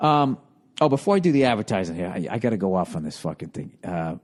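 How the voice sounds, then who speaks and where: A man's voice: medium pitch, a little mellow. A middle-aged man hosting a podcast, rambling profanely in casual chat and slipping into goofy voices to mimic people. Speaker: podcast host.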